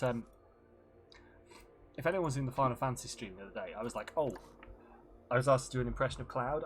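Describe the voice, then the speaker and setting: A man streaming a game in casual chat, animated and profane, often muttering to himself. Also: medium pitch, a little hiss or hum.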